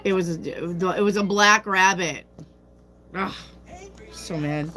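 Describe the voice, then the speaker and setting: A woman's voice: mid-range voice, lively intonation, slow, pauses often, bright, forceful tone, faint music behind, low-quality recording. A woman hosting a tarot livestream, chatting casually, telling a personal story and answering viewer comments. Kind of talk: casual chat with live chat.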